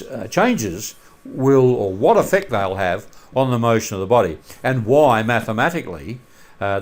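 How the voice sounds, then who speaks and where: A man teaching a maths lesson over a screencast in a relaxed way, with many filler sounds and questions put to the students. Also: medium pitch.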